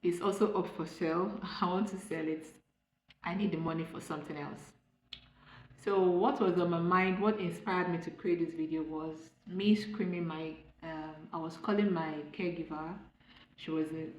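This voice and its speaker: Low-pitched young Nigerian woman with a Nigerian accent, casual rambling home vlog on a phone in an echoey room. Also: slight background noise. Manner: rambling, restarting, self-correcting. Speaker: vlogger. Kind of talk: casual talk to camera. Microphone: phone camera.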